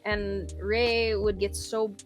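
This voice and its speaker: A young woman chatting as a podcast guest, telling stories in a lively way with many fillers. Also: mid-range voice, slow pace, soft background music. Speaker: guest content creator. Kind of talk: casual podcast chat.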